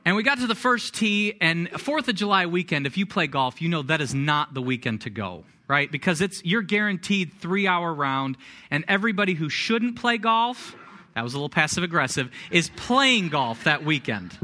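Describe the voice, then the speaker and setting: A middle-aged male pastor delivers a sermon in a high, bright voice that swings widely in pitch. He tells stories with self-deprecating humor and lively energy, then moves into teaching. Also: moderate pace. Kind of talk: sermon with personal story.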